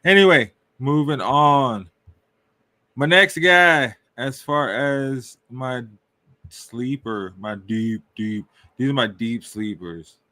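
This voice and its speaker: Here the podcast host speaks slowly in a mid-range voice that sounds pushed and bright, with no room sound. He rambles loosely through casual fantasy football talk, often asking questions and shrugging things off with "right?" and "I don't know."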